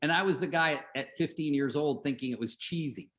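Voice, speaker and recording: A man's voice: a little high, a little fast, fairly bright tone. A middle-aged man coaching real estate agents on a group call, chatty, telling stories and asking the group questions.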